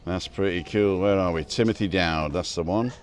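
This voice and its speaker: A man's voice: deep voice, moderate pace, a little hiss or hum. Chatty male live-stream host outdoors. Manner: chatty, reads out viewer comments, jokey. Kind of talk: casual live-stream chat. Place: restaurant terrace outdoors. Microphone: wireless microphone.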